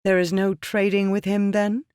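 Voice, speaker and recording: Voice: medium pitch, little pitch movement, normal speed, darkish tone, clear, resonant tone, no echo, studio quality, voice pushed up, lightly acted. An audiobook reader voicing a determined woman leader who speaks firmly and with indignation. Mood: indignant. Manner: firm, indignant. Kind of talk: audiobook character reading.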